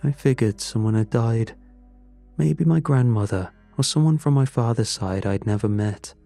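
A man narrating a first-person story in a slow, measured, somber manner. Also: medium pitch, vocal fry, dark tone, soft background music.

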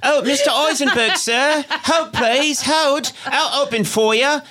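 A man's voice: extremely high pitch, measured pace, sharp tone, pitched above the performer's own voice, heavily acted. A man voicing a servile, fussy nineteenth-century British servant with a put-on British accent, eager to please. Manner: eager, bowing, fussing over a guest.

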